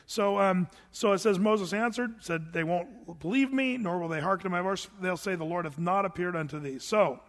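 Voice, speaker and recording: Animated pastor in an echoing hall. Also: male voice, high-pitched, normal speed, few pauses. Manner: animated storytelling with acted-out voices. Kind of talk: verse-by-verse sermon.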